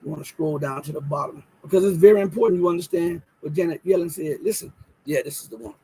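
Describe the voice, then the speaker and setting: Guy doing a live news rant, gravelly high voice, dry close sound, keeps asking huh? and right?. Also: quick pace, dark tone, dry recording, low-quality recording. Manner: emphatic, rhetorical questions, thinks aloud while reading articles. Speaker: host.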